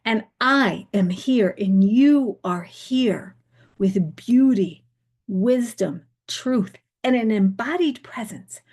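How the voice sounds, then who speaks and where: A woman preaching a spiritual sermon in a slow, meditative, incantatory way, repeating phrases and often sinking to a soft near-whisper. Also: fairly high pitch. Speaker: pastor.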